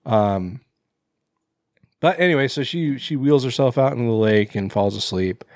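A man co-hosts a podcast, recapping a horror film in loose, casual chat full of rambling, fillers and swearing. His mid-range voice has a darkish tone and a normal pace, captured in a dry, studio-quality recording.

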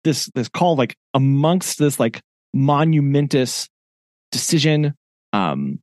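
A man's voice: medium pitch, lively intonation, takes it slowly, darkish tone, dry recording, clean studio sound. A man co-hosting a podcast, discussing a book in a thoughtful, reflective way and reading passages aloud before commenting on them. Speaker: podcast co-host.

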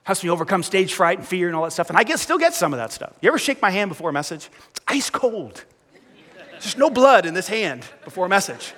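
A man's voice: sits high, big pitch swings, quick pace, a bit bright. A man preaching a sermon to a large congregation, talking conversationally and quizzing the crowd. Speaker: pastor. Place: large auditorium. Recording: long reverb of a large hall.

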